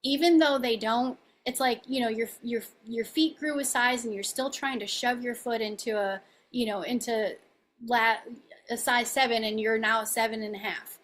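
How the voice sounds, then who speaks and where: A woman's voice: fairly high pitch, steady tone, moderate pace, a bit bright, a little hiss or hum. A woman life coach speaking as a podcast guest in a chatty, casual way, often asking "right?".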